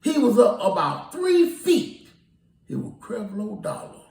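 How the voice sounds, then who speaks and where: A man's voice: sits high, huge pitch swings, unhurried, creaky, a little mellow. A man, a tour guide, telling a rambling story casually and acting out what people said. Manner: rambling, acts out quoted dialogue. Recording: roomy, distant recording.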